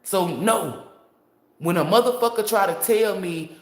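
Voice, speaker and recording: Speaking at a medium pitch and an unhurried pace, a woman tarot reader addresses her viewers directly in an unscripted monologue. She's blunt, profane and fired up, telling stories sprinkled with rhetorical asides. The room gives off a noticeable echo.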